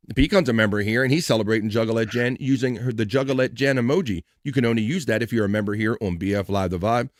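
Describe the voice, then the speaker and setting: A man's voice: medium pitch, dry recording. A man hosting a casual livestream chat show in an upbeat, old-school radio manner, thanking viewers and reading their messages. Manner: upbeat, shout-outs to chat, radio-style. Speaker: livestream host.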